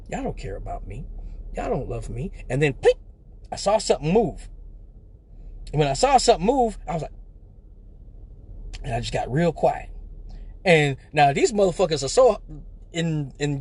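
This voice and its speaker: Animated husky man telling a wild story. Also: a little high. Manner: animated, profane, acts out voices. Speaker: live show host. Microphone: phone or webcam on a live stream.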